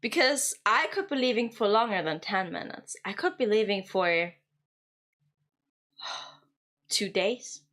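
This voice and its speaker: Giggly woman streamer, lively. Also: medium pitch, slow pace, pauses often. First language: German. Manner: playful, giggly, teasing. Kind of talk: casual live-stream chat with viewers.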